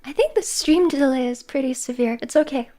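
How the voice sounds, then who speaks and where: High-voiced, giggly woman streamer. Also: brisk, mellow. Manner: giggly, emotional, self-deprecating. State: nervous, hands shaking. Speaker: VTuber streamer. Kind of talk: casual livestream chat.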